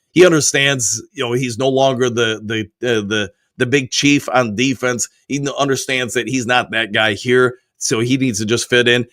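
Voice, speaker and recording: Hoarse guy with a cold reading chat on a sports stream, laid back, dry sound. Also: medium pitch, fairly bright tone, no echo. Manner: casual, reads viewer comments aloud and answers each. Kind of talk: live-stream sports talk.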